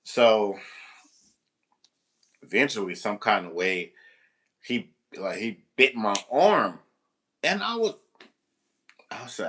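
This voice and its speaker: A man's voice: fairly low pitch, lively intonation, slow, pauses often, pushed and bright. A man working as a substitute teacher tells a story casually to the camera, rambling, restarting, and swearing freely.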